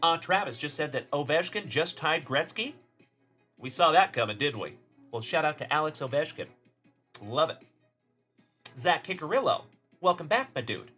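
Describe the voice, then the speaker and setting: A man's voice: a little high, lively intonation, moderate pace, long pauses, slightly rough, soft background music. A man from Texas hosting a live card-opening stream, chatting casually and cheerfully calling out viewers by name. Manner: upbeat, shouting out chat viewers by name. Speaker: card-breaking livestream host.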